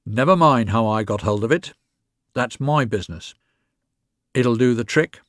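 A man's voice: medium pitch, moderate pace, fairly bright tone, no echo, clean studio sound, close to an everyday voice. A man voicing a bent, greedy, cunning middle-aged woman with a wheezy voice in a storybook reading. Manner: leering, wheedling.

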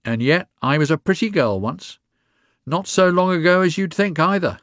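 A man's voice: on the high side, animated, moderate pace, a bit bright, no echo, studio quality, voice pushed up. Man doing a wheezy, cunning old crone. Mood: leering. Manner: leering, wheedling. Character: wheezy, cunning, greedy middle-aged woman, bent.

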